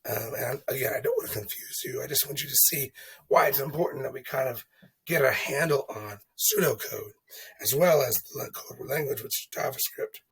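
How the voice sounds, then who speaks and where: A man's voice: medium pitch, moderate pace, vocal fry, fairly bright tone, husky, low-quality recording. A man explaining coding exercises in a casual lesson, chatty and thinking aloud, often checking in with "okay?". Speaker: teacher walking through coding exercises. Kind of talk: casual screen-recorded lesson.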